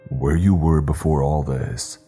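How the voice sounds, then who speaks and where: A deep, stern disembodied voice, as a man puts it on. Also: a little slow, dark tone, soft background music. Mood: commanding. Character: deep booming disembodied male voice, stern and commanding.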